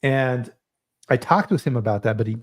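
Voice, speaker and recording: A man hosting a casual live-stream talk, telling stories in an animated way, often restarting and repeating words. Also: medium pitch, normal speed. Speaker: host.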